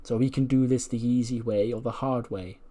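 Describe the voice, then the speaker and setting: A man voicing a scheming female wrestler who threatens a rival in a low, quiet, menacing way. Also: fairly even intonation, fairly quick, close to an everyday voice.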